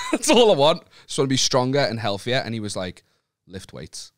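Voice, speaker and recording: A man's voice: medium pitch, wildly swooping pitch, a little fast, dry recording, clean studio sound. A northern English man, a podcast co-host telling rambling, self-mocking stories in casual banter. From northern England. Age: 30s.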